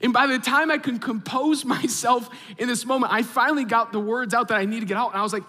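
A man in his thirties preaching a sermon as a pastor, telling a story with animated, acted-out reactions. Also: very high-pitched, quick pace, few pauses. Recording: long hall reverb.

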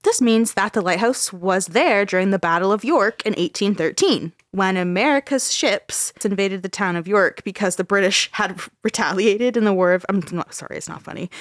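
A woman's voice: medium pitch, no echo, studio quality. A woman from Ontario hosting a casual podcast, telling a ghost story with frequent laughs and swearing. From Ontario, Canada. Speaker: podcast host.

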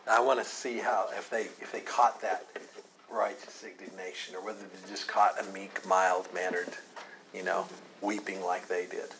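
A man's voice: deep voice, flat delivery, moderate pace, noisy background. A man teaching a Bible study class, earnest and emphatic, taking questions from the group.

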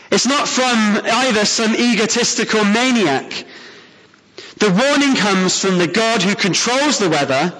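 A man's voice: high voice, fairly bright tone. A man preaching a sermon, earnest and emphatic, asking rhetorical questions as he reads and explains scripture. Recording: long hall reverb.

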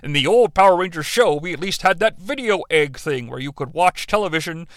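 A smug mentor figure lectures his team in a self-satisfied tone, as a man puts him on. The voice is fairly high and bright. It sounds close and dry. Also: expressive, a little fast, no echo. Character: lazy, self-satisfied male mentor giant face.

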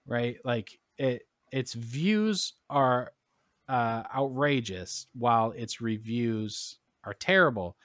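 A man's voice: mid-range voice, expressive, takes it slowly, a bit bright, no echo, studio quality. A man co-hosting a casual podcast chat, opinionated and blunt, swearing now and then as he makes his case. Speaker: podcast co-host.

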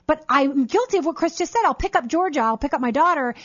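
A woman's voice: high voice, expressive, fast, dry recording, lo-fi sound. A middle-aged woman hosting a talk show, chatty and prone to repeating words as she asks questions. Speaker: host. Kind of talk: casual interview talk.

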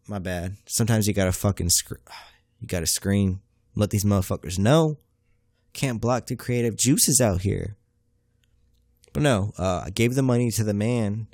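A man's voice: on the low side, normal speed, darkish tone, no echo, studio quality. A young man hosting a podcast, telling a comic story in a laid-back, profane, slang-heavy way. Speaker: podcast host. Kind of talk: comedic storytelling monologue.

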